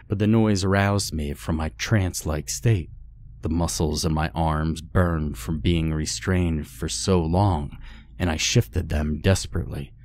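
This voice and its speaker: A man narrating a written horror story in a slow, measured storytelling manner. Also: low voice, darkish tone.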